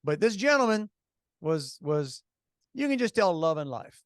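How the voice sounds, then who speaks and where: Guy co-hosting a radio show, sarcastic rambling stories, kinda high voice, dry sound. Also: measured pace, clean tone, dry recording. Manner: animated storyteller, sarcastic, many restarts. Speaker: radio co-host. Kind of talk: casual radio chat.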